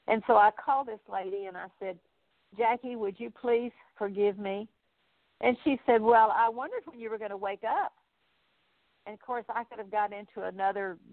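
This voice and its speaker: A woman teaches from scripture, reading each verse and then explaining it in plain, earnest terms. Her voice has a gravelly edge. It comes through a thin, phone-like line with a dry, close sound. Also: mid-range voice, no echo. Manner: reads verses aloud and explains them plainly, with small restarts. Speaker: Bible teacher.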